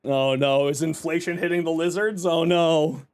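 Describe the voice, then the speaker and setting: A man's voice: on the high side, steady tone, moderate pace, a little mellow. A man from Canada live-streaming, chatting with viewers and reacting with joking exasperation. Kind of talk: casual live-stream chat.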